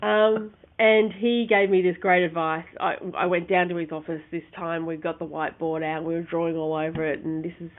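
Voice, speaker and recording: A woman, co-hosting a casual chat and telling her stories in an animated way, often restarting her sentences. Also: on the low side, moderate pace, few pauses. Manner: animated storytelling with many restarts. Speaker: co-host. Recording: phone-like narrow sound.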